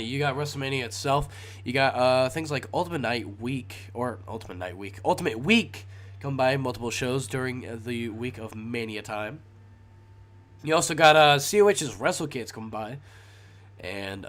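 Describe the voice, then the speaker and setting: A young man hosts a relaxed solo podcast in a stuffy, congested voice left over from a cold. His pitch sits at an ordinary middle level. He rambles along, stopping often to hesitate and restart his sentences. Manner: rambling, hesitant, many filler sounds and restarts. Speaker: podcast host. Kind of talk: casual solo podcast chat.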